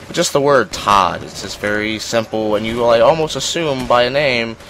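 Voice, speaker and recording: A man's voice: medium pitch, normal speed, fairly bright tone, slight background noise, low-quality recording. A young man giving casual gameplay commentary, rambling and self-deprecating, with lots of fillers and restarts. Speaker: gaming commentator.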